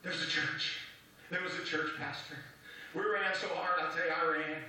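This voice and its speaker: A man giving a dramatic religious testimony, excited, repeating himself and acting out the voices in his story. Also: fairly high pitch, moderate pace. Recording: echoey room, distant from the mic.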